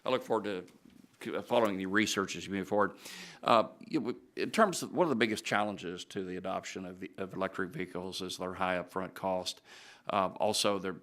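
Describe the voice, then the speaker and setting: A man's voice: sits low, fairly bright tone. A congressman questioning witnesses at a hearing, probing and restarting his questions.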